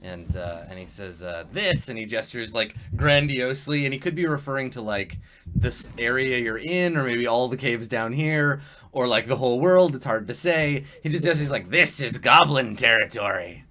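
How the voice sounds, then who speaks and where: A man narrating as game master of a tabletop game, loose and halting with many fillers. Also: mid-range voice, lively intonation, fairly bright tone, slight background noise.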